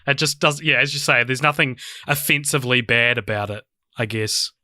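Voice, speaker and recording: A young man co-hosting a podcast, loose and joking, with many fillers. His voice has a sharp, very bright edge. The sound is dry and close to the mic. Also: medium pitch, fairly quick, no room sound. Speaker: podcast co-host. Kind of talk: casual chat.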